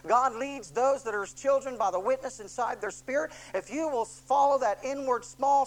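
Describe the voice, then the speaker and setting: A preacher delivering a sermon with emphatic repetition and rhetorical questions, moving from hushed tones up to loud shouting. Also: mid-range voice, low-quality recording. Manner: impassioned, swings from hushed to shouting.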